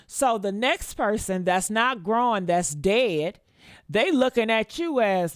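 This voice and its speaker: A woman's voice: medium pitch, animated, slow pace, no echo, studio quality. A woman commentator giving a blunt, profane, preachy rant in a casual style. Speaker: online commentator.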